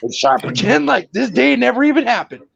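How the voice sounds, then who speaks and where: A man's voice: extremely high pitch, big pitch swings, fast talker, vocal fry, fairly bright tone, muffled recording. A man telling a long rambling story in casual chat, swearing and laughing often.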